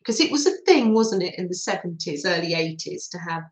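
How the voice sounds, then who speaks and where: A woman's voice: fairly low pitch, animated, brisk, roomy sound, rough recording. A middle-aged woman from England hosting a craft livestream, chatting casually and reminiscing with frequent laughs. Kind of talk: casual chat while crafting.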